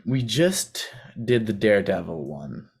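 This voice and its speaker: Laid back young dude, kinda low voice, lots of likes and ums. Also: male voice, animated, unhurried, vocal fry, husky. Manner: easygoing, hesitant, full of likes and ums. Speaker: podcast co-host. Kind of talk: casual movie debate.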